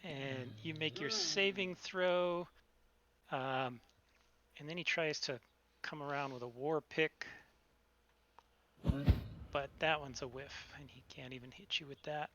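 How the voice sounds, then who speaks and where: A man running a tabletop game as game master, giving brisk, matter-of-fact rulings over a dull, lo-fi mic. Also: fairly high pitch, bright, forceful tone.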